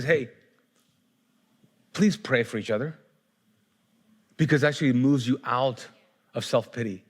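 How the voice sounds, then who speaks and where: A man's voice: mid-range voice, fairly bright tone. A male pastor preaching a sermon in a conversational way, often restarting his sentences and building up fervor.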